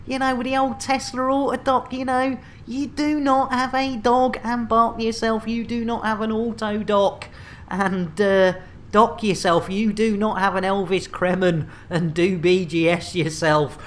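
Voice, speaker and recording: A man's voice: high-pitched, little pitch movement, unhurried, a bit bright, a little hiss or hum. A man streaming a space game, rambling and joking with repeated catchphrases. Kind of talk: live-stream commentary.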